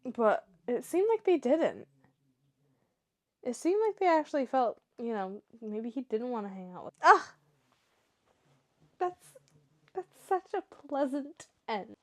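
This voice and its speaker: A woman's voice: on the high side, sing-song, unhurried, dark tone. A woman hosting a channel, reading posts aloud and breaking in with chatty, reactive asides. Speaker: YouTube host reading online stories.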